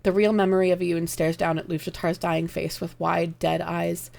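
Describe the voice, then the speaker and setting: A woman streamer reading a dark fantasy story aloud live, narrating in an expressive, dramatic way. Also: fairly low pitch, moderate pace, creaky.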